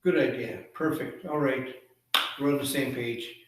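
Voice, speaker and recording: A sly male raven trickster who wheedles and flatters his cousin with easy friendliness, as a man puts him on. The voice sits at a middle pitch, picked up from well away from the mic in a strongly echoing room. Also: measured pace, close to an everyday voice. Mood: coaxing. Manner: coaxing, wheedling, overly friendly. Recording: echoey room, far from mic.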